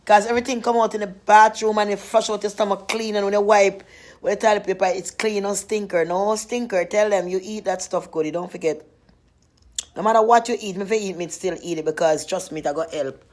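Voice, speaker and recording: A woman's voice: mid-range voice, fairly even intonation, fairly quick. A woman chatting casually on a live stream while eating, playful and talkative, greeting viewers by name.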